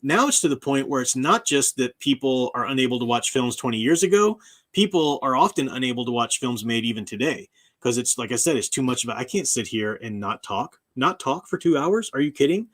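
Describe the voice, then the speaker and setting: A male professor hosts a casual livestream chat from his own channel. His talk is animated and emphatic, and he often laughs at his own remarks. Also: medium pitch, brisk. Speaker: university professor and channel host.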